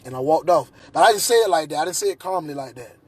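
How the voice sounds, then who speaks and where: Man, high husky voice, heated ranting monologue with restarts. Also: lively intonation, fast talker, darkish tone. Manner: agitated, repetitive, restarts often. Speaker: vlogger.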